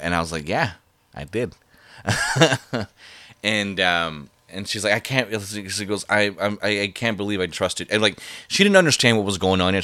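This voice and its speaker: A man telling a personal story in a casual, halting way, full of fillers and restarts. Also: low-pitched, sharp tone, no echo.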